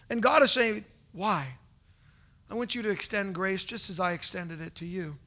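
A male pastor preaching from a stage, his voice pitched high and ringing bright. He delivers the sermon with animated swings, from loud calls to hushed, near-whispered asides, and acts out the voices of churchgoers. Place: stage before a congregation.

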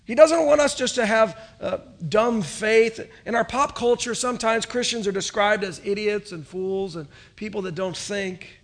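A man's voice: sits high, moderate pace, few pauses. A young adult man preaching an earnest sermon, with dynamic rising emphasis. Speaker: pastor.

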